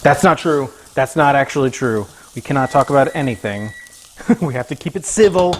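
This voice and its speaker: In his home kitchen, a man cooks on a relaxed livestream, chatting goofily with viewers and his pets as food sizzles in the pan. His medium-pitched voice is animated and moves at a normal speed, with a faint hiss or hum underneath.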